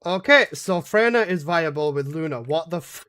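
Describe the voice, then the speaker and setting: This young man offers casual live-stream commentary while gaming, swearing freely and being sarcastic with his teammates as he rambles. He speaks at a normal speed in a smooth, fairly bright voice on the high side.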